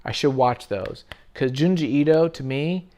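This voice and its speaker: A man's voice: medium pitch, lively intonation, measured pace, warm tone. A man hosting his own channel, rambling casually and swearing lightly as he talks through a story late at night. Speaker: video essay host.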